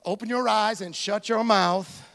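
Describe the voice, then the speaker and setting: A man preaching a sermon as a pastor, animated, acting out little scenes and asides as he goes. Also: high voice, a little slow.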